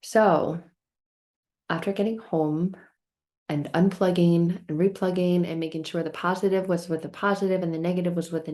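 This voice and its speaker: With a warm, fairly low-pitched voice, a woman runs a casual self-help vlog and recounts a story expressively. She dramatizes her frustration with quoted outbursts and leans on repeated phrases arranged in rhythmic lists.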